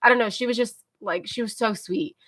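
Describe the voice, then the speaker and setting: A tired young woman hosting a livestream, telling a rambling story in a mellow, casual way, full of fillers and talking to herself. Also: fairly high pitch, fairly quick, no echo, clean studio sound. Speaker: livestream host.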